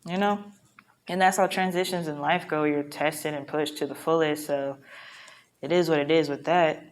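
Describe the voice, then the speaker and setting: A woman's voice: sits low, fairly even intonation, normal speed. A woman vlogging a casual, reflective monologue, rambling and frank with plenty of profanity, from a hotel room.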